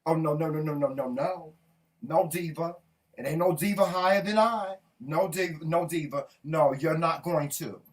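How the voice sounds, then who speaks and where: Brash, cursing man with fairly high voice. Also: moderate pace, recorded from a distance. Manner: brash, heated storytelling with lots of cursing. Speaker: co-host. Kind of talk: casual chat.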